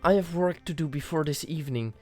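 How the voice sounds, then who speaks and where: A man's voice: on the high side, fast talker, a little mellow, soft background music, close to an everyday voice. A man reading the lines of a stern, dismissive queen in a story game. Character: cold, commanding queen, a middle-aged woman.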